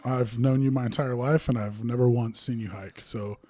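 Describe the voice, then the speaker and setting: A man's voice: mid-range voice, steady tone, moderate pace, dark tone, slight background noise. A young man hosting a casual podcast, joking around, laughing often and rambling between points. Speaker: podcast host.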